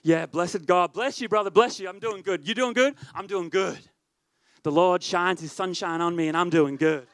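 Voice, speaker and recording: A man's voice: moderate pace, smooth, dry recording, studio quality. A man putting on an odd accent to play an overly cheerful churchgoing man who insists he is doing fine. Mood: fake cheerful. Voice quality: odd put-on accent, booming. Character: relentlessly cheery churchgoing man, fake upbeat.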